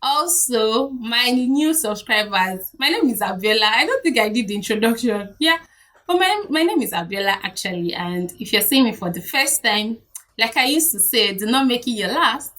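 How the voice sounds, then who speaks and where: A young woman with a Nigerian accent, talking to camera in a chatty, animated way and laughing often. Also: on the high side, normal speed, distant mic. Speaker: vlogger. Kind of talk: casual talk to camera.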